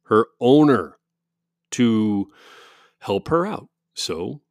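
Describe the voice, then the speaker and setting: A man at home, rambling casually into a microphone and breaking into chuckles and mock-quoted asides. His voice sits at an ordinary middle pitch. The sound is dry and close, with no room echo. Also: very animated, extremely slow, darkish tone. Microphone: studio-style microphone.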